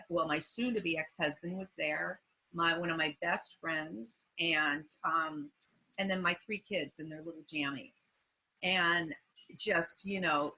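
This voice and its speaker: A woman in her fifties, a podcast guest, telling an emotional personal recovery story in a halting, earnest way with many fillers. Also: lowish voice, bright, forceful tone, husky, low-quality recording.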